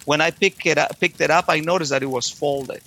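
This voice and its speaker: A man telling his personal faith testimony, emotional and halting, often restarting his words. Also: fairly high pitch, bright, forceful tone.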